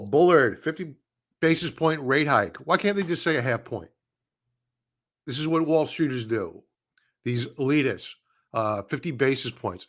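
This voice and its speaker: A man hosting a live market show from a desk mic. He talks casually and bluntly, with a middle-pitched voice. He scoffs at headlines and repeats himself for emphasis. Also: a bit bright. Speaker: livestream stock trading host.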